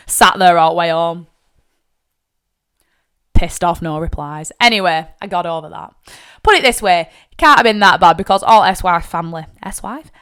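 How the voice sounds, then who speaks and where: A woman's voice: fairly low pitch, clean tone. A young woman with a Lancashire accent, hosting a podcast and telling personal stories in a candid, chatty way with casual swearing. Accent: Northern English, Lancashire. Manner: chatty and candid, swears freely, animated when acting out family. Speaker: podcast host. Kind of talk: personal storytelling monologue.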